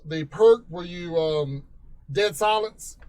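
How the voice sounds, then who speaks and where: A man's voice: high voice, takes it slowly, a little mellow. A man hosting a casual gaming talk show, asking questions and telling his own stories with a chuckle. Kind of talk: casual interview.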